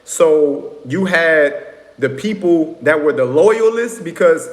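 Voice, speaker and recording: A man's voice: a little high, lively intonation. Rambling man in an echoey room. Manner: rambling, lecturing, fills pauses with "right?" and "you know what I'm saying". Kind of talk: casual monologue to viewers. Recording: echoey room with long reverb.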